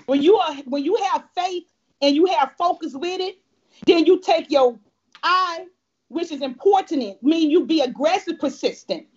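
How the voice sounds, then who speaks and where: High-voiced New Orleans woman on a call. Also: moderate pace, darkish tone. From New Orleans, Louisiana. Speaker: guest speaker. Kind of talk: keynote pitch on a video call. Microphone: video call. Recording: dull lo-fi video call audio.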